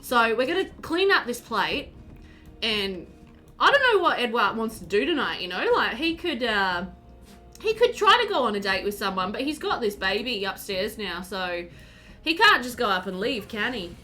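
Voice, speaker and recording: Female streamer with a South Australian accent, lively and animated, casual and chatty. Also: on the high side, moderate pace, faint music behind. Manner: chatty, reads chat aloud, laughs often. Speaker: game streamer. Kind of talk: casual live-stream chat.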